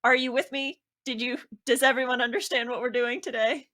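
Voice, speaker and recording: A woman's voice: on the high side, flat delivery, fairly quick, sharp tone. A woman co-hosting a book podcast in casual, candid chat. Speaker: podcast co-host.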